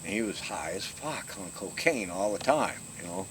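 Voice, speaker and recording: Older male storyteller, low voice, easygoing and foul-mouthed, recorded outdoors at night. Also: expressive, moderate pace. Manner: laid-back, profane, laughs often. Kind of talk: casual storytelling. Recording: noisy outdoor recording with crickets.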